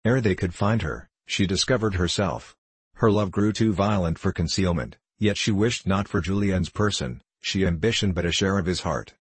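A man's voice: low-pitched, normal speed, husky, no room sound. A man reading the part of an anguished young novice monk, in an impassioned, faltering, pleading voice.

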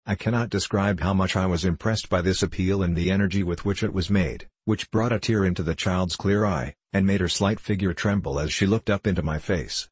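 Deep husky male audiobook narrator. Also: no echo. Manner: measured, unhurried storytelling. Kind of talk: audiobook narration of a classic novel.

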